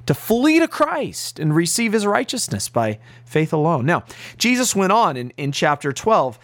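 A man's voice: fairly high pitch, very animated, moderate pace, fairly bright tone, dry recording. A man teaching as pastor on a radio Bible program, preaching earnestly and urgently with emphatic repetition.

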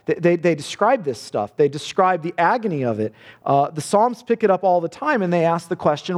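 A man's voice: fairly high pitch, expressive, moderate pace, in a large hall. A man preaching a sermon, earnest, often repeating words as he builds a point.

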